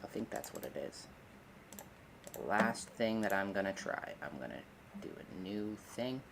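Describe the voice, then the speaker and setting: A man's voice: lowish voice, lively intonation, measured pace, vocal fry, noisy background. A man hosting a casual livestream from his hobby room, rambling and joking while he fixes his camera and talks to his dog. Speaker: livestream host.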